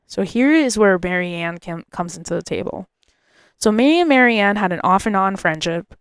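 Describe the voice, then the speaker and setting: A woman's voice: medium pitch, smooth, dry recording, clean studio sound. A woman hosting a podcast, telling a personal story in an emotional, confiding way and often repeating herself. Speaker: podcast host.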